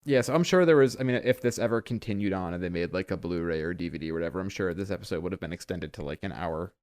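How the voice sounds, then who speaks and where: A man co-hosting a podcast, talking in a relaxed, rambling casual way. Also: sits low, very fast, no room sound. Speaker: podcast co-host. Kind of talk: casual chat.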